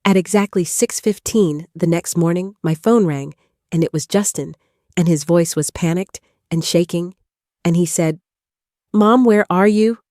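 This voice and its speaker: Low, mellow older woman storyteller. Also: normal speed, dry recording, clean studio sound. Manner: even, long chains of clauses joined by "and". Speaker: narrator. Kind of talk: scripted first-person story narration.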